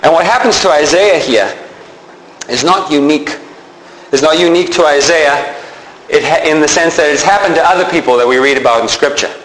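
A man preaching in an animated storytelling manner, slipping into the voices of the people in his stories. His voice sits a little high, and it rings out in a reverberant room with a faint hum of background noise. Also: fairly quick. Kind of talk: sermon.

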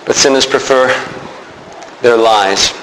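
A man preaching a sermon, animated, with rising emphasis. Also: medium pitch, takes it slowly, roomy sound, a little hiss or hum, rough recording. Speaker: pastor.

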